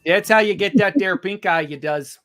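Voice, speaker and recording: A man's voice: high voice, moderate pace, a bit bright, soft background music. A man doing a folksy Wisconsin know-it-all. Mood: smug. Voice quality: drawling, folksy.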